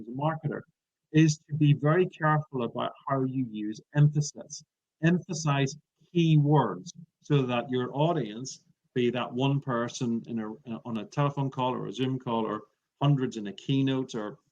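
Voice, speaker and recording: In this coaching interview, a man who trains speakers offers feedback and backs it with emphatic examples. His medium-pitched voice is a little mellow, captured in dull, lo-fi sound.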